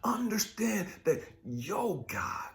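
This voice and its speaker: A man preaching an impassioned spiritual pep talk as a life coach, profane and confrontational, firing rhetorical questions and dropping from shouted rants to low muttering. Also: sing-song, slow pace. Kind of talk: impassioned motivational preaching monologue.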